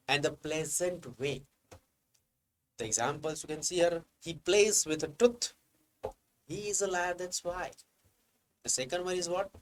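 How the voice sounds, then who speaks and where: A man teaching English grammar from slides, explaining step by step, asking himself "what happened here" and reading examples out slowly. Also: a little high, a little hiss or hum, poor audio. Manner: reads examples slowly, stressing key words. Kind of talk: slide-based grammar lecture.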